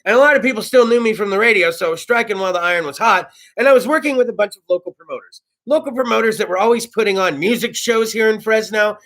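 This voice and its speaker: A man's voice: high-pitched, fast talker, hardly any pauses, fairly bright tone. A man in his thirties from California hosting a casual talk show, rambling and profane. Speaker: host. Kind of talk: casual monologue. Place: studio.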